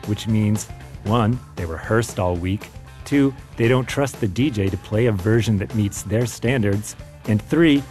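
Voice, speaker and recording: A man's voice: lowish voice, measured pace, a little mellow, faint music behind. A man reading aloud from his own memoir in a wry, self-deprecating storytelling manner.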